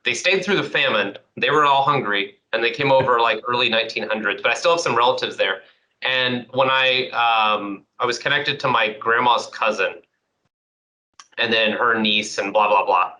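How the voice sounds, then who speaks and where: Male podcast host, mid-pitched and very sharp-toned, a lively storyteller who acts out the people he quotes. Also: normal speed, poor audio. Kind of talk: casual conversation.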